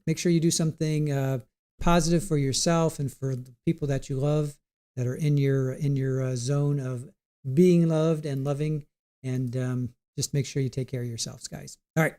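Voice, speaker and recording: Mellow-voiced man hosting a livestream. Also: on the high side. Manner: rambling, reads viewer comments aloud. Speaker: livestream trial commentary host. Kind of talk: casual livestream chat.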